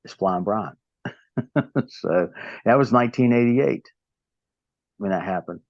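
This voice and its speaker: A man in his fifties with a Southern US accent, a pro wrestler from the American South, speaks slowly in a lowish voice, telling rambling stories with many restarts during a casual interview. The sound is dry, dull, and lo-fi.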